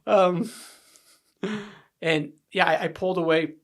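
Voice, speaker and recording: A man with a fairly high, gravelly voice tells his own story in a podcast conversation. He rambles, restarts and keeps checking in with the listener, and his voice sometimes sinks almost to a whisper. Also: steady tone, slow pace, a bit bright. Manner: rambling, frequent "right?" and restarts, drops to near-whisper when reliving moments. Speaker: podcast guest. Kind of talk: candid personal storytelling in conversation.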